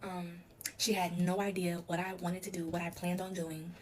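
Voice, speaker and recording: A woman's voice: fairly low pitch, flat delivery, darkish tone, slight background noise. A woman recounting her own past in a casual storytime confession, talking emotionally with lots of "like". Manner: rapid, emotional retelling full of "like".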